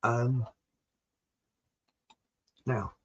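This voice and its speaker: A man's voice: mid-range voice, steady tone, extremely slow, dull audio. A man hosting a livestream, chatting in a meandering, rambling way and often repeating himself. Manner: chatty, meandering, repeats words, drifts between topics. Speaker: livestream host reading viewer comments. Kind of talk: rambling casual monologue.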